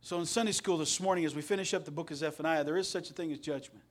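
A middle-aged male pastor, preaching a Sunday sermon that swings between loud passion and soft earnestness. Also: a little high, racing.

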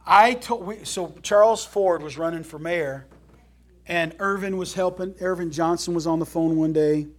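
A man preaching a sermon as pastor, folksy and animated, mixing loud emphatic lines with quiet low asides and jokes. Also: normal speed.

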